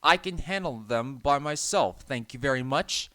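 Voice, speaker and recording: A man voicing a proud, hot-tempered young male steam engine, indignant and then shouting in panic. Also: mid-range voice, expressive, normal speed, voice pushed up.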